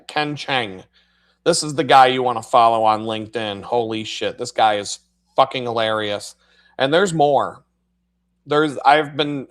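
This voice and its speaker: Profane man telling work stories. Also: mid-range voice. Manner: crude, swearing, animated storytelling with laughs. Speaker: live stream host. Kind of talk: profane casual storytelling.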